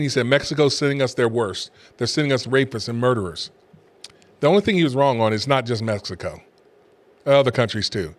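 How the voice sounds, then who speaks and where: A man, a pastor hosting a show, giving emphatic political commentary to camera, repeating his points with scornful asides. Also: mid-range voice. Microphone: camera facing speaker.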